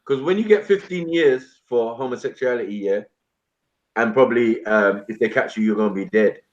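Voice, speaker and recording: A man tells a story in casual slang at a middling pitch. His audio sounds muffled and dull. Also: normal speed. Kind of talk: casual chat on stream.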